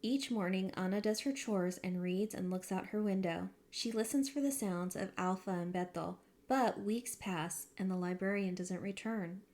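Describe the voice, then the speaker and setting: A woman teacher reading a picture book aloud to a class, with expressive storytelling and pointers to the illustrations. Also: medium pitch, moderate pace, few pauses.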